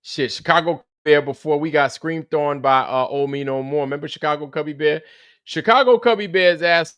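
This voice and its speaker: Hosting a livestream, a man casually recaps a show that just ended, swearing freely, laughing a lot, and greeting viewers by name. His voice is fairly high and a bit bright with a clean tone, at normal speed in a dry recording.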